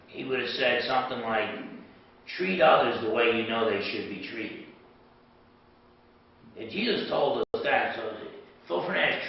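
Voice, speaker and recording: Middle-aged man, lecturer, animated storytelling, booming echo, dull lo-fi sound. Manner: animated storytelling, acts out dialogue. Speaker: apologetics lecturer. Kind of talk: classroom lecture with anecdotes. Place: lecture hall. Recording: echoey hall, far from mic, dull lo-fi.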